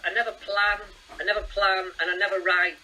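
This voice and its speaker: A man, a guest telling rambling, animated stories in a casual chat. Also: sits high, fairly quick, a little hiss or hum, poor audio. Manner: animated, rambling storyteller who acts out voices.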